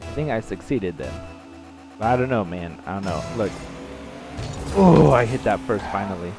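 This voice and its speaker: A man giving excitable gameplay commentary, shouting reactions and trading playful trash talk. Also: on the low side, moderate pace, music in the background. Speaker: gaming channel host.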